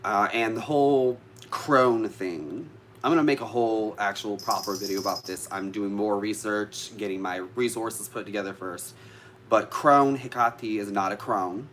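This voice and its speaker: A man's voice: fairly low pitch, moderate pace, fairly bright tone, slight background noise. A man vlogging casually to live viewers about witchcraft, chatty and easily sidetracked, swearing now and then.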